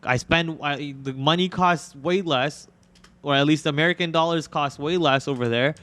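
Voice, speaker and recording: A man's voice: on the high side, fairly bright tone. A young man born in India hosting a live trading stream, rattling off tickers and prices in a casual way. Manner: rapid ticker-and-price calls, casual filler words. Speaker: day trader and live stream host.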